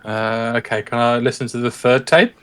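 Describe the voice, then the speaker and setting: A man's voice: medium pitch, normal speed, a bit bright, smooth. A man taking part as a player in a tabletop horror game, asking brief, matter-of-fact questions. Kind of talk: casual game chat.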